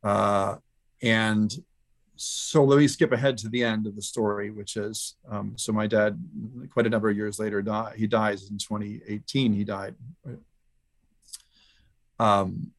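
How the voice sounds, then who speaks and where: A middle-aged man, a podcast guest, telling a personal story in an earnest, reflective way with halting restarts. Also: on the low side, level tone.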